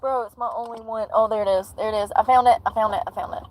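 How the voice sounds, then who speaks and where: A woman's voice: fairly high pitch, steady tone, fast talker, very noisy. A woman from North Carolina with a country twang, chatting to viewers on a live stream and telling a story from her day. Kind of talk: casual live-stream chat.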